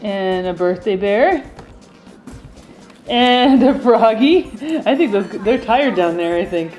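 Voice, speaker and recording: A woman's voice: mid-range voice, lively intonation, slow, darkish tone, lo-fi sound. A woman hosting a playful family video, cheerfully announcing each toy and laughing often. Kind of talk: playful commentary. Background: music.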